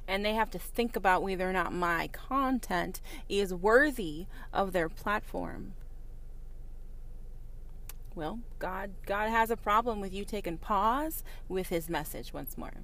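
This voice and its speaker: A woman hosts her own podcast in a defiant, profane monologue, sounding like she is preaching. Her voice sits at an ordinary middle pitch, and she moves from quiet, reflective stretches to loud, swearing outbursts. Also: expressive, unhurried. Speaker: podcast host.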